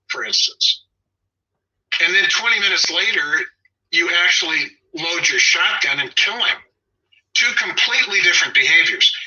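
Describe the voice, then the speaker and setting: Heard on dull, lo-fi audio, this man's voice is high-pitched, sharp, and slightly rough. He's a sixty-something dog trainer from Los Angeles with a Southern Californian accent, wryly offering opinions and wandering into digressive stories during a casual chat.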